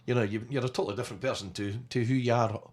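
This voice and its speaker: A man's voice: mid-range voice, fairly even intonation, very fast, a little mellow. Radio guy chatting with a guest, upbeat presenter voice. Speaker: radio host. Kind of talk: radio interview chat.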